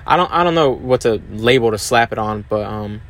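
Guy with a lowish voice doing a solo podcast, lots of ums, real open and confessional. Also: lively intonation, a little fast, fairly bright tone. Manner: hesitant, many fillers and restarts, open and confessional. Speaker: podcast host. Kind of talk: candid solo podcast monologue.

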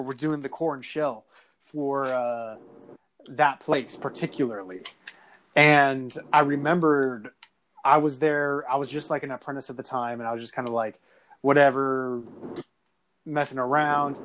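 A man's voice: fairly high pitch, a bit bright, a little hiss or hum. A man telling a story in casual chat, rambling with many fillers and swear words.

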